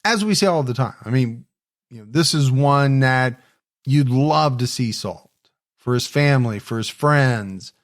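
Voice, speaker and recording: A man co-hosting a podcast in casual, chatty conversation, easygoing and quick to laugh. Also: medium pitch, lively intonation. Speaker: podcast co-host. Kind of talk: casual chat.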